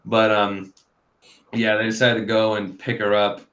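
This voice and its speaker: Low-voiced guy rambling thru a movie recap, lots of "like" and laughing. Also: level tone, measured pace, a bit bright. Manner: rambling, many fillers, laughs often. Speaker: podcast host. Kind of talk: casual review chat.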